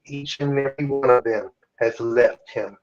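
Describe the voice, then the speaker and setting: A podcast host runs a live-stream talk show, speaking bluntly and preachily with plenty of swearing in a casual chat. His voice is medium-pitched with fairly even intonation at a normal speed, and the sound is lo-fi.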